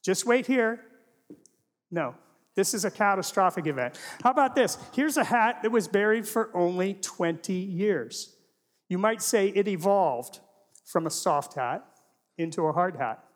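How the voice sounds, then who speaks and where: Man, middle-aged, lively presenter, rhetorical questions, jokey asides, echoing hall. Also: high voice, unhurried. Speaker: Christian apologetics speaker. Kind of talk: humorous teaching presentation. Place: large hall before a live audience. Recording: long reverb of a large hall.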